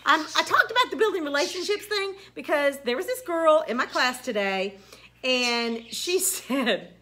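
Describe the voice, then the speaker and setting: Middle-aged teacher woman, chatty storyteller, bright and sharp tone, lively swoops. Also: high voice, normal speed, slight background noise. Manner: chatty, animated storytelling with quoted voices. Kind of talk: casual vlog monologue.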